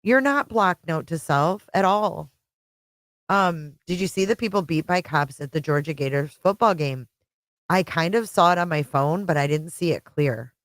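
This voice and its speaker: A woman's voice: lowish voice, lively intonation, normal speed, dry recording. A middle-aged woman hosting a casual livestream, chatting with viewers and greeting them by name. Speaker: livestream host. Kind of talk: casual live-chat stream.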